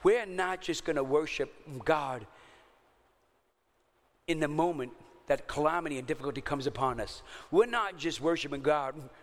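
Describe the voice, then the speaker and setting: A man preaching a sermon as pastor, emphatic, dropping to hushed low lines and rising to urgent raised ones. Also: normal speed, long pauses, big-room sound.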